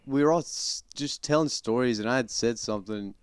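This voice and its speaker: A man's voice: mid-range voice, brisk, clean tone, no room sound. A man co-hosting a podcast, telling a rambling story in casual, crude banter and saying "like" constantly. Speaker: podcast co-host.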